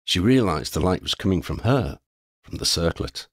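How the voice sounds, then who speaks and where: Deep voiced man reading a fantasy audiobook, very dry close mic, lively delivery. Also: moderate pace, no echo. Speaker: audiobook narrator. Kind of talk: scripted narration.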